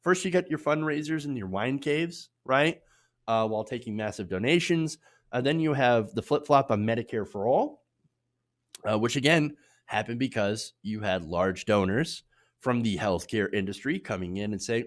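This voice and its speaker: A man's voice: mid-range voice, normal speed. A man hosting opinionated political commentary, sarcastic, with loose delivery and frequent restarts. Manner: sarcastic, mocking put-on voices for quotes.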